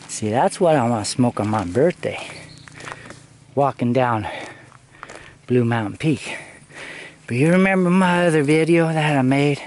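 A man's voice: mid-range voice, slight background noise. A man vlogging outdoors on a hillside road, telling a rambling story and swearing freely as he talks to his viewers. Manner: profane, loose, talks to viewers as he walks. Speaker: travel vlogger.

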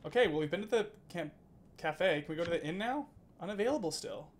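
A man's voice: high-pitched, lively intonation, quick pace, slight background noise. A man streaming a video game, chatting casually, reading game text aloud, laughing and swearing now and then. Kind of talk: casual gameplay commentary.

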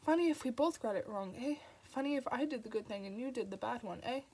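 A woman's voice: a little high, fast talker, mellow, slightly rough. A woman doing a sly sarcastic male demon. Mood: sardonic. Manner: wry, sardonic, teasing. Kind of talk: audiobook reading.

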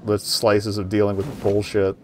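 A man's voice: fairly low pitch, monotone, moderate pace, a little hiss or hum. A man streaming a story game, chatting casually with profane, rambling asides. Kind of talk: casual gaming commentary.

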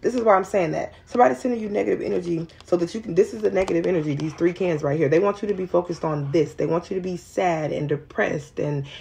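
Woman doing a chatty tarot reading, low gravelly voice, kinda rambly and slangy, faint hiss behind. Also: fast talker, few pauses, warm tone. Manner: chatty and rambling, talks straight to viewers; informal and slangy. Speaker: tarot reader. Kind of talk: casual tarot reading to camera.

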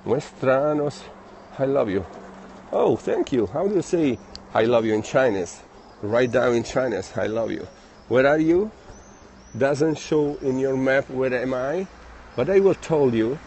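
A man with an Italian accent chats to viewers in a loose, friendly way, stopping to search for words as he walks along city streets. His pitch sits in the middle range for a man. His phone picks up faint outdoor sounds and a passing vehicle now and then. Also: lively intonation, a little mellow, slight background noise. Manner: friendly, chatty, halting non-native phrasing. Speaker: live streamer. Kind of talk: casual live-stream chat, reading viewer comments.

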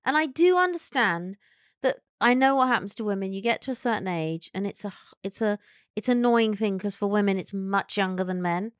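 A woman's voice: mid-range voice, lively intonation, fairly quick, no echo, clean studio sound. A woman co-hosting a podcast in casual chat, a chatty, giggly storyteller who hands out frank advice. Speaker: podcast co-host.

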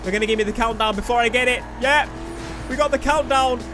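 Excitable high-voiced gamer. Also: male voice, quick pace. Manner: excitable, shouts and laughs at the race. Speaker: gaming YouTuber. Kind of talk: let's play commentary. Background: game music and engine sounds.

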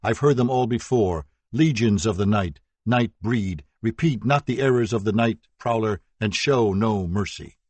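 Guy reading as an angry killer booming at the court, low and husky. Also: moderate pace, hardly any pauses, darkish tone, dry recording. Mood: defiant. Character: defiant male killer addressing court.

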